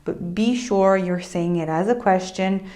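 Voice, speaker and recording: A woman speaking straight to camera in a friendly language lesson. She explains each phrase clearly and at an even pace, then says the example with bright, expressive intonation. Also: mid-range voice, unhurried. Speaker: Italian language teacher.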